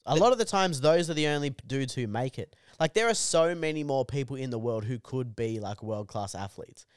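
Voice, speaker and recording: Male co-host, blunt teaser, clear smooth tone, dry close sound. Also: medium pitch, animated, a little fast, no echo. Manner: teasing, blunt, heavy swearing. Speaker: podcast co-host. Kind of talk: casual banter.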